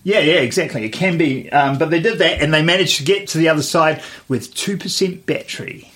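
Kiwi guy co-hosting a chatty podcast, bit high-pitched, lots of ums and restarts. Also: fairly quick, fairly bright tone. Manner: rambling, with many fillers and restarts. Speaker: podcast co-host. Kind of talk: casual chat.

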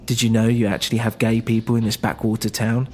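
A blunt young woman with a thick Eastern European accent, put on by a man reading a story. She speaks curtly and plainly, in a lowish voice. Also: completely flat delivery, fast talker, a little mellow, slightly rough. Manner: curt, matter-of-fact.

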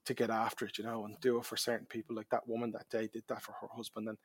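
An Irish man telling a long personal story as a podcast guest, lively, dropping to a murmur at quiet moments. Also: on the low side, rapid-fire, slightly rough. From Ireland. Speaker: charity hike organizer, guest.

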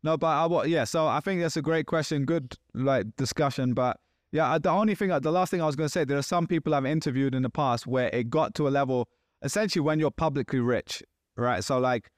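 Man, podcast co-host, casual chat, animated storytelling, dry close sound. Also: mid-range voice, fairly quick, no echo. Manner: animated, acts out quoted exchanges.

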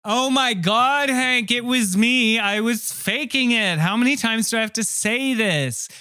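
A man's voice: fairly high pitch, lively intonation, measured pace, no room sound. A man improvising a blunt, exasperated woman who faked her own death, over-explaining with impatience in a comedy scene.

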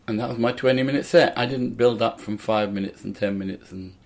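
Older male comedian guest, lowish voice, rambling and anecdotal. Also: fairly quick, darkish tone. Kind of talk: casual interview chat.

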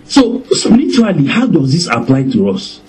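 A man preaching a sermon in a deliberate, animated way that often breaks into laughter. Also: fairly high pitch, slight background noise, poor audio.

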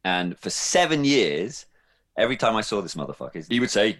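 Low-voiced man in his forties, swearing freely. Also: sing-song, brisk, a bit bright. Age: 40s. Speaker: guest film director. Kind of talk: candid storytelling.

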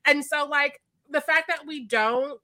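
A woman co-hosting a podcast, telling stories in an animated, emphatic casual chat. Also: sits high, unhurried. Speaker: podcast co-host.

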